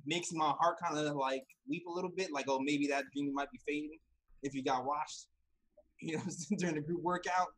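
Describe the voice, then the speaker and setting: An excitable man with a high voice talks sports, opening his lines with "yo." His talk runs quick and eager, and he falls into easy laughter now and then. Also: low-quality recording. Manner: excitable, says "yo" and "I'm sold". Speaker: podcast co-host. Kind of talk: casual sports chat.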